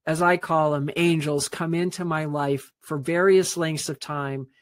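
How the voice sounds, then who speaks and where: A man's voice: on the high side, steady tone, unhurried, no room sound. A man speaking earnestly and reflectively as a podcast guest.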